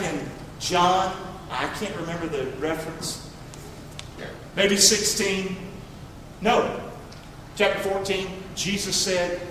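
High-pitched preacher guy, big echoey church, mic far away, faint room hum, gets loud then quiet. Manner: preaching with big swings from quiet to near-shouting; reads scripture aloud and calls for congregation response. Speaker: pastor. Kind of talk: sermon. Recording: echoey hall, distant mic.

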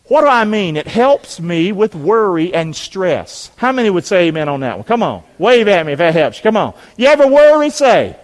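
A man preaching a sermon in a church, calling for amens and rising to shouts. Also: sits high, sing-song, normal speed, hardly any pauses. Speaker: pastor. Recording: long hall reverb.

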